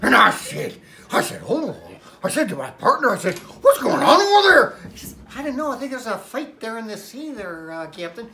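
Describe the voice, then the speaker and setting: A woman doing a gravelly old pirate captain. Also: on the high side, very animated, normal speed, bright, forceful tone, full character voice. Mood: excited. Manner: rambling, theatrical yarn-spinning with laughs. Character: boastful old male pirate captain, rum-loving storyteller. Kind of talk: comedic character sketch.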